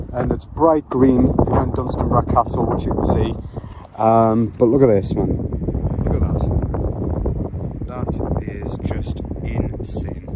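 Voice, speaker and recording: A man talking into his phone camera outdoors at night, breathless, excited and rambling. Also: medium pitch. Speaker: landscape photographer vlogger. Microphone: phone camera held by hand. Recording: heavy wind noise on phone mic. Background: loud wind.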